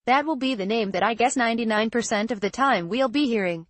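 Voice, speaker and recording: A woman narrating a trade-policy newsletter as scripted news, with a measured, even delivery. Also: a little high, dry recording.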